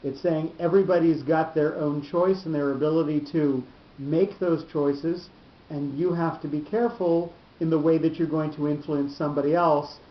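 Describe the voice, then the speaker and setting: A man teaching a Torah study class, explaining slowly and often repeating his words. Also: a little high, steady tone. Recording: roomy lo-fi class recording.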